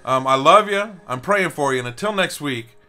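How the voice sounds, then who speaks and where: Male pastor, earnest devotional delivery, forceful bright tone. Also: on the high side, animated, normal speed, faint music behind. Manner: earnest, building to emphatic repetition. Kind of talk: short video devotional.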